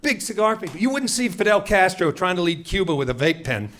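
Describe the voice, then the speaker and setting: On stage at a comedy club, this middle-aged Seattle comic delivers a brash, mock-indignant routine built on punchy rhetorical questions. His voice sits high with big pitch swings and a fairly quick pace, while loud audience laughter and room noise fill the recording.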